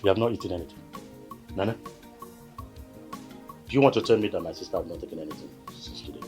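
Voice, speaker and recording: A Nigerian man acting as a husband and brother, pleading with his family to calm down. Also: low-pitched, fast, faint music behind, natural voice. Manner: pleading, soothing, then exasperated. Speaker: husband and brother trying to make peace. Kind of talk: Nollywood film acting.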